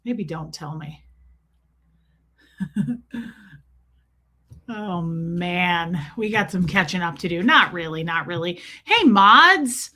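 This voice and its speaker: Bright-voiced chatty woman streamer. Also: fairly low pitch, animated, slow pace, pauses often. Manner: chatty, teasing, greets people by name. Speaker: livestream host. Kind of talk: casual livestream chat greeting viewers.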